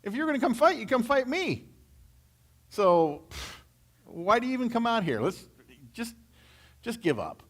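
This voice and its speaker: Man playing a cocky giant soldier, high, loud, mocking taunts, street slang. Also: very animated, normal speed, long pauses, exaggerated voice. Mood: taunting. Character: boastful giant warrior taunting an enemy army.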